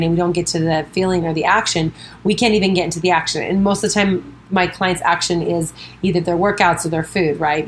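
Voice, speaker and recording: Chatty low-voiced woman coaching on a podcast. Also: slight background noise, rough recording. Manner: chatty, self-talk quotes, frequent "like" and "right?". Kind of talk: casual podcast monologue.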